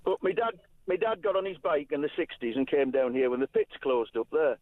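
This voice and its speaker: A man's voice: a little high, lively intonation, fairly quick, no room sound. An older man with a Geordie accent, calling in to a radio phone-in and earnestly making his point, often repeating words as he goes. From North East England. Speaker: caller. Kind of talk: phone-in call. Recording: tinny phone line.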